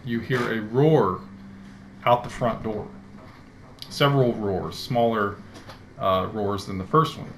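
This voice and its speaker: Slow, dramatic dungeon master narrating. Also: male voice, on the low side, a little hiss or hum. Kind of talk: narrating a tabletop game.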